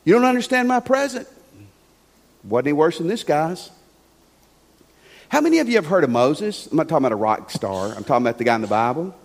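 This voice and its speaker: A man delivers a sermon in a notably high voice, emphatic and conversational. He leans on rhetorical questions to draw the congregation in. A long reverb from the church hall trails his words. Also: very animated, fast talker, creaky. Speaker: pastor. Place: church sanctuary.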